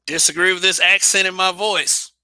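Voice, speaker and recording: A man's voice: sits high, steady tone, moderate pace, bright, forceful tone, smooth, dry recording. A man hosting his own channel, talking bluntly and casually with profanity and frequent restarts. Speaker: channel host. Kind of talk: casual opinion monologue.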